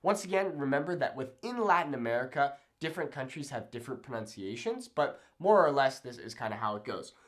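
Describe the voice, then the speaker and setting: A man's voice: mid-range voice, lively intonation, a little fast, hardly any pauses, fairly bright tone. A young man giving a chatty whiteboard lesson, upbeat and often checking in with "okay?". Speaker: Spanish teacher. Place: room with a whiteboard.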